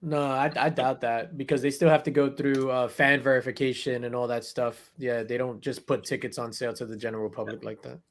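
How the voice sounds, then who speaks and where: A man chatting casually on a livestream, relaxed and slangy in friendly banter. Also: medium pitch, fairly quick, few pauses. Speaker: co-host or guest.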